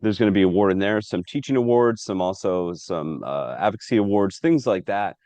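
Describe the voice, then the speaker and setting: Deep-voiced man hosting over a video call. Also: brisk, no room sound. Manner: relaxed, explanatory, some filler. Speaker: host. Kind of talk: casual video-call interview.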